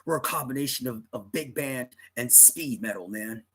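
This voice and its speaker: A man voicing a drugged-out, jittery male rocker in a jester hat who chatters rapidly and keeps repeating "man". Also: medium pitch, a bit bright, breathy edge. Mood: wired.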